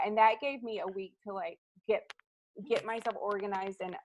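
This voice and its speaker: A woman's voice: mid-range voice, fairly even intonation, normal speed, a little hiss or hum, rough recording. A woman in her thirties, a guest in a casual interview, telling stories in a chatty way with lots of fillers. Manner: chatty storyteller, many fillers, acts out quotes. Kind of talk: casual chat.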